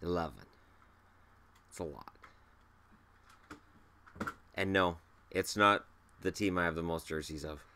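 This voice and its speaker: Guy with a cold showing off his collection on a vlog, jokey and self-mocking, lowish voice, faint hum behind. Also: unhurried, pauses often, bright, forceful tone. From Canada. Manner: joking, self-mocking, counts items aloud. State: has a cold. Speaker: hockey video host. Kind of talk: casual show-and-tell vlog.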